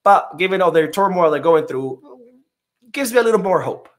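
Guy doing a live stream podcast, kinda higher voice, chatty and loose, lots of ums. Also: animated, moderate pace. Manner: chatty, loose, many fillers and restarts. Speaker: podcast host reading live chat. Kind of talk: casual live-stream commentary.

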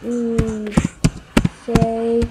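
A woman giving casual gameplay commentary, excitable and quick to protest out loud. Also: on the high side, heavy background noise. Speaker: gamer.

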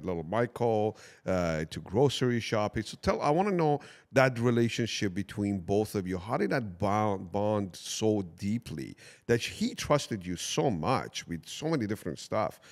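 A male podcast host with a low voice and a wide, lively pitch. He reacts with open enthusiasm and steers his guest with questions. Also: moderate pace, hardly any pauses. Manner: expressive, encouraging, frequent reactions. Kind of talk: interviewing a guest.

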